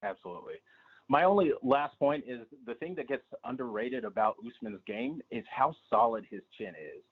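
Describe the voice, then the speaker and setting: A man's voice: mid-range voice, huge pitch swings, normal speed, creaky, slightly rough. Easygoing man on a tinny phone line. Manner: dry joking, easygoing. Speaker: co-host calling in. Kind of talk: phone-in sports chat.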